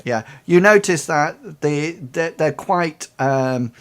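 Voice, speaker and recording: Male game master, slow pace, hesitant, lots of ums, tabletop narration. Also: fairly high pitch, expressive. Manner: hesitant, many ums and restarts.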